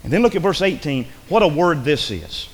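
A man's voice: fairly high pitch, big pitch swings, a little fast, husky. Folksy preacher man in a reverberant church. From rural upbringing. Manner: preacherly, folksy, repeats phrases, swings from loud to hushed. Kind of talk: sermon. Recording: long hall reverb.

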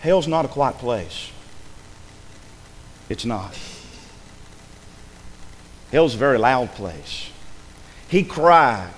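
A man's voice: mid-range voice, very animated, very slow, pauses often, in a large hall, a little hiss or hum, rough recording. A male pastor preaching a sermon, repeating phrases for emphasis and building to urgent peaks. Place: church.

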